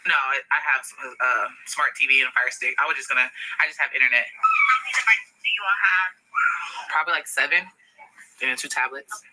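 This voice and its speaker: A man giving halting, hesitant answers in a clip from a reality video. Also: mid-range voice, bright, forceful tone, slight background noise, poor audio.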